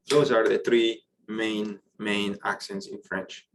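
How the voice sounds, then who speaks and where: A man with a lowish voice teaches French to an online class, heard through a computer mic with a faint hum behind him. He is encouraging and patient, praising students' questions. His English has a non-native phrasing. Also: level tone, slow pace, few pauses, rough recording.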